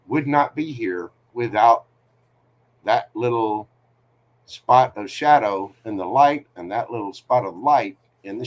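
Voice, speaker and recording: A man hosting a live tarot reading stream, giving candid, joking, rambling advice. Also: medium pitch. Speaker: tarot reader host.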